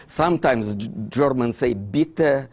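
Speaking in a higher-pitched voice, a man lectures on history with illustrations, his non-native English halting and dotted with fillers and "you see, so." He stays lively throughout, often laughing with amusement.

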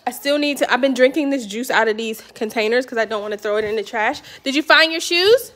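A woman's voice: on the high side, fairly even intonation, fast talker. A tired, pregnant woman in her thirties chatting casually at home for her vlog, rambling with fillers. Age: 30s. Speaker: vlogger. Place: home, indoors.

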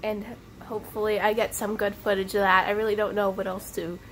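A woman's voice: medium pitch, level tone, brisk, slight background noise. A woman chatting in a casual travel vlog, upbeat and self-deprecating, filming with a handheld camera. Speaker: vlogger. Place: hotel suite and outdoors.

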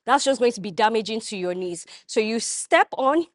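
A woman's voice: a little high, expressive, normal speed, no room sound, studio quality. A young woman vlogging her workout in a gym, coaching viewers with energy as she demonstrates the exercises. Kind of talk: instructional workout vlog.

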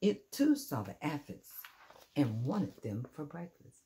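An older woman reading a children's picture book aloud in a gentle, expressive way, pausing to point out the pictures. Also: low voice, slight background noise. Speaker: storyteller.

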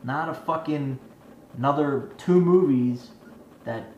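A man's voice: mid-range voice, takes it slowly, a little mellow, dull audio, slight background noise. A man giving a profane, rambling movie review rant, exasperated and swearing constantly. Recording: echoey room with faint ambience.

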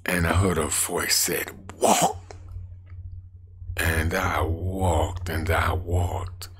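A man giving a personal testimony in a hushed, half-whispered way that rises suddenly with emotion. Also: little pitch movement, slow. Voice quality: gravelly, husky low voice. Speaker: street evangelist.

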